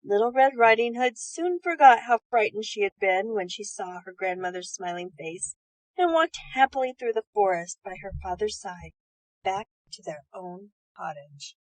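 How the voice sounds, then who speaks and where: A woman reading bedtime stories aloud in a gentle, soothing manner. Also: mid-range voice, lively intonation, moderate pace, no room sound, low-quality recording. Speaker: storyteller.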